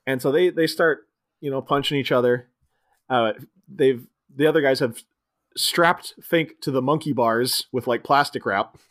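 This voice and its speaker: A man co-hosting a casual movie chat, retelling scenes and jumping into squeaky impressions of the characters, often laughing. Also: a little slow, fairly bright tone. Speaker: podcast co-host.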